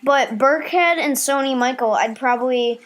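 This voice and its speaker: Slightly high-voiced woman cohost, blunt, opinionated, chatty. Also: moderate pace. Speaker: podcast co-host. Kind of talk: casual chat.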